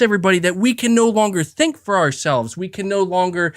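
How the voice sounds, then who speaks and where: A man's voice: high-pitched, lively intonation, fairly quick, few pauses. A man hosting a podcast who launches into a heated, profane, emphatic rant, stumbling and restarting as he talks. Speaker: podcast host.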